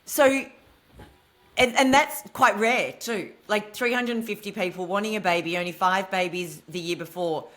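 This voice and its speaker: Woman host, mid-pitched voice, casual interview chat, warm and openly emotional. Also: moderate pace. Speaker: podcast host.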